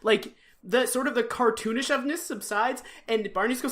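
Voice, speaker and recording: A woman co-hosting a comedy podcast, talking in a slightly high voice. She retells scenes with lots of "like" and jumps into playing the characters. It is a loose, chatty recap. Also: normal speed. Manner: animated storytelling, heavy use of "like", acts out quotes. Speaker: podcast co-host.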